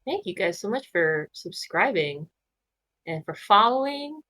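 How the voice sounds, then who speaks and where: A woman's voice: mid-range voice, sing-song, a little slow, sharp tone. A woman co-hosting a casual livestream, laughing often as she cheers on the chat and thanks the moderators. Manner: giggly, encouraging. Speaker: livestream co-host. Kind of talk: casual live-stream chat.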